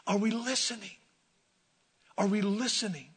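A man preaching a sermon as a pastor, dramatic and preachy, swinging from shouted lines to hushed asides. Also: high voice, expressive, a little fast, long pauses, slightly rough. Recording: long hall reverb.

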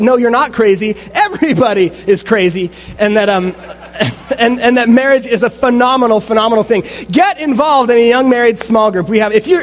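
A young adult man preaching a sermon in church, lively and full of restarts, turning quiet and slow for a guided meditation. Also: high-pitched. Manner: energetic with frequent restarts, then hushed guided meditation. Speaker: pastor. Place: church sanctuary.

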